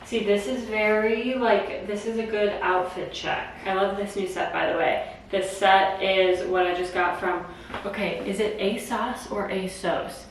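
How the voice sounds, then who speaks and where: A woman's voice: medium pitch, fairly even intonation, unhurried, slight background noise. Bubbly American woman vlogging at home. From United States. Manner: bubbly, gushing, lots of "like" fillers. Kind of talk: casual chatty vlog narration. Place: at home, indoors. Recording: roomy echo at home.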